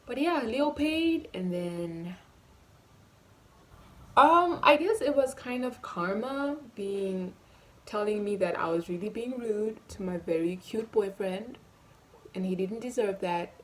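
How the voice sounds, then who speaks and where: A woman, telling a storytime vlog story in an animated, emphatic way and acting out the dialogue. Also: mid-range voice, slow pace. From Namibia. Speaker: vlogger.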